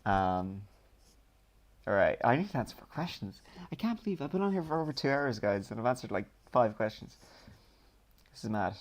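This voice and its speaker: A man's voice: medium pitch, sing-song, normal speed. A man with a Dublin Irish accent casually reading out viewer questions on a live stream and answering them with lots of ums and rambling asides. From Ireland. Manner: rambling, reads questions aloud then answers with many ums.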